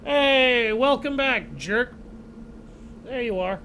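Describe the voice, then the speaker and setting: Brief: male let's-play streamer, high voice, crude banter, game noise loud underneath. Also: takes it slowly. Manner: profane, joking, talks back to the game.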